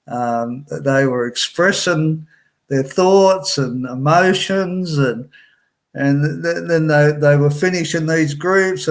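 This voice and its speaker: A man telling his own life story in a halting way, full of restarts and repeated words, laughing wryly at his memories. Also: on the high side. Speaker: person recounting his time in a residential program. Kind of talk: personal storytelling.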